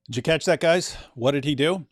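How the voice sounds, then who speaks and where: A man's voice: a little high, a little fast, no room sound, studio quality. A man giving emphatic commentary over replayed clips, asking rhetorical questions and repeating his points. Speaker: commentator reacting to street debate clips.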